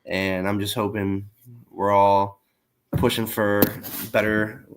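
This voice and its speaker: A man's voice: on the low side, level tone, slow, noisy background. A man who is a military veteran, speaking as a podcast guest in an earnest, reflective way with frequent ums. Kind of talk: casual chat.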